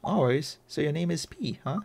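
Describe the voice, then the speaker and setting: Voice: medium pitch, lively intonation, normal speed, noisy background, natural voice. A player doing an earnest young boy hero. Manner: earnest, questioning.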